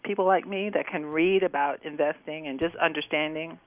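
A woman's voice: deep voice, fairly even intonation, normal speed. A woman calling in to a radio show over the phone, chatty, agreeable and eager to learn. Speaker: caller. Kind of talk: call-in question. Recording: dull phone line.

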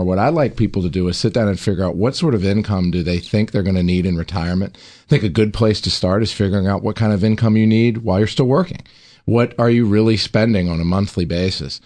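A man appearing as a financial planner guest on a radio talk show, explaining in a measured way with fillers. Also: lowish voice, darkish tone.

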